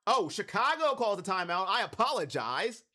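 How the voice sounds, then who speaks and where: Energetic hype man calling plays live. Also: high-pitched, normal speed. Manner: energetic, hype-driven, talks straight to chat. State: voice wearing thin. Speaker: livestream watch party host. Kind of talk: live play-by-play commentary with chat.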